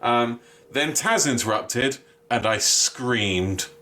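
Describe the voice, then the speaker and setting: A man co-hosting a podcast in casual chat, ranting with animated, sweary exasperation. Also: mid-range voice, slow pace, a little hiss or hum. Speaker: podcast co-host.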